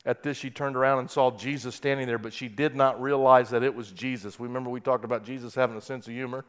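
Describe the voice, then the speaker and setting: Man, pastor, sermon, smooth resonant voice, mid pitch, dramatic swings in loudness. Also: steady tone, fast talker. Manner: builds to loud impassioned peaks, then drops to quiet; reads scripture aloud with emphasis.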